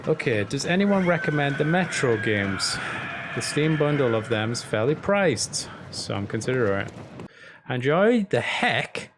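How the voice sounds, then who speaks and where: A man's voice: medium pitch, moderate pace. A young man chatting casually on a game stream, rambling, joking and swearing. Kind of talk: casual live-stream chat. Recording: steady background noise.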